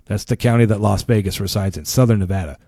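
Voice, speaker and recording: A man's voice: lowish voice, quick pace, dark tone, no room sound, studio quality. A man hosting his own podcast, telling a story in a casual, swearing, rambling rant and laughing along with it. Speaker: podcast host.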